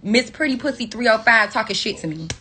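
A woman's voice: a little high, animated, fairly quick, pushed and bright. A woman on a phone livestream, delivering a profane, confrontational scolding rant at her viewers. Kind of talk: angry rant on a social media livestream.

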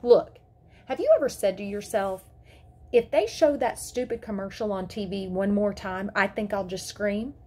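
A woman's voice: medium pitch, normal speed, slightly rough, close to an everyday voice. Woman voicing a fierce, protective mother. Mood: tense. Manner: firm, controlled, sharp.

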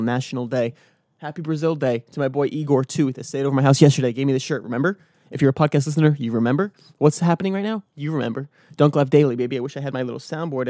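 An energetic man hosting his own daily vlog. He rambles from thought to thought and keeps slipping into motivational pep talk. His voice sits in a middle pitch and sounds dry and close. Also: dry recording. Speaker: vlogger and podcast host. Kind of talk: casual solo vlog talk. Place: outdoors early in the morning.

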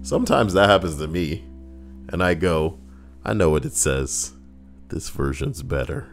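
Deep-voiced joking male streamer. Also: very animated, unhurried, gravelly, soft background music. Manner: joking and playful. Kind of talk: casual chat, reading comments and a story aloud.

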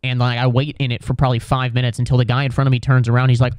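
American man, comedian telling a story, smooth voice, dry close sound, profane, lots of filler words. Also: medium pitch, rapid-fire, hardly any pauses, dry recording. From United States. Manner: animated, profane, filler-heavy. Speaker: comedian podcast host.

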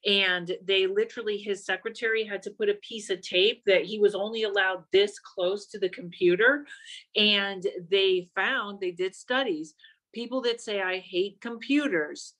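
A woman talks as a podcast guest and works as a psychic. She tells stories in a playful, animated way and stays chatty throughout, in a mid-range voice. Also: mid-range voice. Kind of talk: casual conversational chat.

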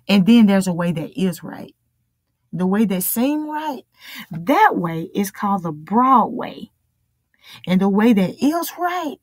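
A woman's voice: mid-range voice, darkish tone, no room sound. Woman preacher, mid-range voice, emphatic and repetitive sermon delivery, dry close recording.

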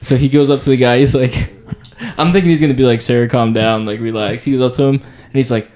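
Talking fast in a medium-pitched voice, a young podcast co-host spins a story during casual chat. His delivery is animated and full of slang, with "dude" coming up again and again.

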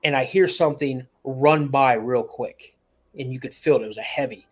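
A man's voice: medium pitch, normal speed. A man calling in to a show, telling a long personal story in a rambling way, repeating words and acting out the voices of people he quotes. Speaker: caller.

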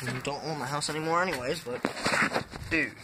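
Young guy with a cracking voice swearing and going dude constantly, kinda high voice, noisy background. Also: fairly quick. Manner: exasperated, swears a lot, says dude constantly. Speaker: vlogger. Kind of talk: casual vlog rant. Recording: noisy home-made recording.

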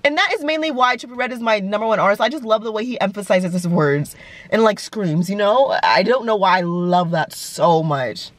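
A woman's voice: mid-range voice, lively intonation, fairly quick, dry recording. A young woman chatting casually as a music vlogger, gushing and giggly, with lots of fillers. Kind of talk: casual chat.

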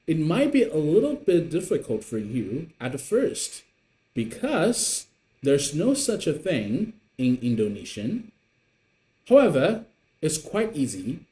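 Slow, patient male Mandarin teacher. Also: dark tone. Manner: slow, patient, pitch swinging up and down to show tones. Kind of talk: online language lesson. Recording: echoey room.

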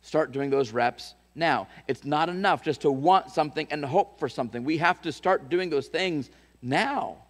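A man preaching from the pulpit tells stories with restarts and repeated words, then builds to emphatic calls to his congregation. His voice sits fairly high for a man. A long reverb trails every phrase through the church hall. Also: moderate pace. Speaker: pastor. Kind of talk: sermon.

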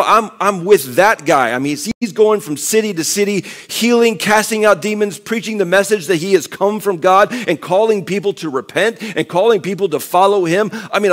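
Animated higher-voiced male pastor. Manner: conversational, animated, acts out quoted voices. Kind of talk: sermon.

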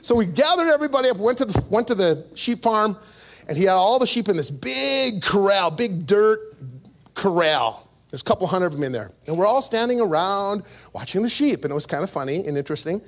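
Male pastor, high voice, storytelling sermon, voice leaps up when excited. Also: a little fast. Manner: storytelling with sudden pitch jumps and laughs. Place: church.

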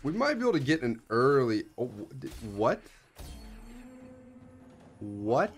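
A young man streaming a strategy game, chatting casually in slang and getting hyped, with squealing jumps when excited. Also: mid-range voice, a little slow, soft background music. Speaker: gaming streamer. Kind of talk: casual gameplay commentary.

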